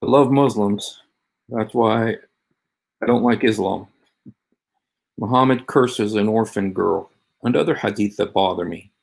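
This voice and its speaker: Low gravelly guy rambling on his livestream, lots of ums and restarts. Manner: halting, rambling, many fillers and restarts. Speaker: livestream host. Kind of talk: casual livestream talk.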